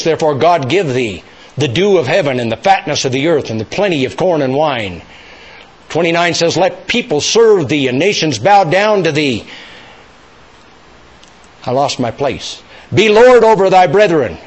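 A male preacher delivering a sermon in a fairly high voice that swings widely in pitch. He speaks emphatically, pushing up toward near-shouts, and leads call-and-response with the congregation. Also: husky.

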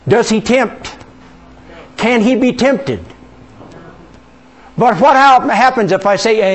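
A man's voice: very high voice, slow, pauses often. A man preaching a sermon as pastor, asking the congregation questions and leading them in reciting lines.

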